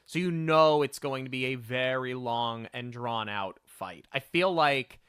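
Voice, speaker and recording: A man's voice: mid-range voice, unhurried, fairly bright tone, clear, resonant tone, no echo, clean studio sound. A man co-hosting a film review podcast, making his case in an analytical, firm way. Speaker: podcast co-host. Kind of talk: casual film review chat.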